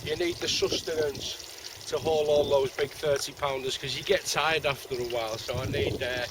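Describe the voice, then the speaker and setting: A man's voice: mid-range voice, fairly even intonation, normal speed. A man, rambling and joking in casual chat to camera while fishing at a lake. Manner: rambling, chatty, jokey. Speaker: carp angler vlogger. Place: outdoors by a lake, winter fishing camp. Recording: noisy outdoor recording.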